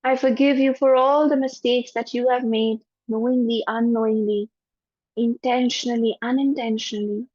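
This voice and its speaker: A woman with an Indian English accent, a spiritual teacher leading an online class and a guided forgiveness meditation in a gentle, soothing voice. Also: fairly high pitch, fairly even intonation, no echo. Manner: gentle, soothing, repeats phrases slowly. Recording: dull, dry lo-fi audio.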